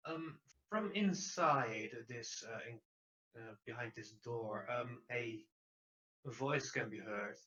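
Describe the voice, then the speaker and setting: A man acting as game master, narrating a tabletop game in a relaxed way with hesitant fillers. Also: mid-range voice, slow, highs cut off, crowd noise.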